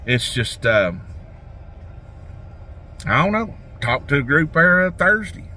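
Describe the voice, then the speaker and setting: Rambling man, bright voice. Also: on the high side, very animated, slow pace. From Tennessee. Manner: folksy, rambling, restarts a lot. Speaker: fishing vlogger. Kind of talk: casual rambling talk to camera. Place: outdoors by a lake.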